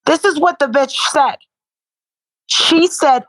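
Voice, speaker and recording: Blunt, profane woman with a high voice. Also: slow, long pauses, fairly bright tone, dry recording, low-quality recording. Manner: blunt, profane, repeats herself in bursts. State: sore and worn out from protesting. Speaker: interview guest. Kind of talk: casual interview chat.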